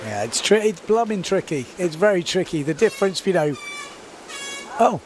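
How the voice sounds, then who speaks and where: A man commentating live on a sports event, chatty and quick to laugh. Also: high-pitched, big pitch swings. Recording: faint outdoor noise.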